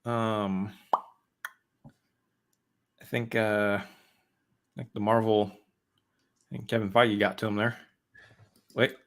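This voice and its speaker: A man's voice: lowish voice, level tone, slow, long pauses. Joking male podcast co-host. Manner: jokey, teasing asides. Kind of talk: casual chat.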